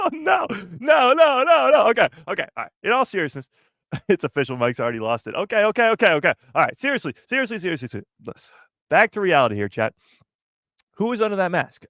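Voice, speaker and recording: A young man hosts a live stream and chats straight to his viewers, teasing them and firing off rhetorical questions. His voice sits a bit high and swings widely in pitch. The sound is dry, with no room around it. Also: big pitch swings, fast talker, bright, forceful tone, no room sound. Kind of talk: casual live stream commentary.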